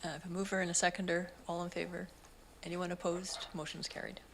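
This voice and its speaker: A woman with a Canadian accent chairing a public committee meeting, making brisk, routine procedural calls. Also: lowish voice, flat delivery, a little hiss or hum, rough recording. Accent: Canadian English. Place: council chamber.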